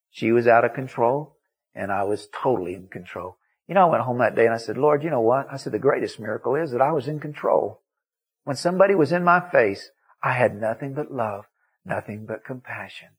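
A man's voice: mid-range voice, breathy edge. A male preacher giving a sermon in an emphatic storytelling manner, acting out the quotes in his story.

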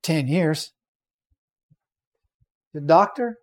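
Animated male preacher, fairly high voice. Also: moderate pace. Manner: animated, acts out quoted voices and shouts. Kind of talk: sermon storytelling.

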